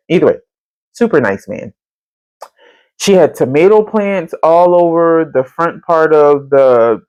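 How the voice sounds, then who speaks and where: Woman, low voice, very lively pitch, casual storytelling chat, says y'all. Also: no echo. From Central Texas. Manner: animated, jumps into high-pitched voices for quoted speech; colloquial and chatty, addresses listeners as y'all. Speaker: podcast host.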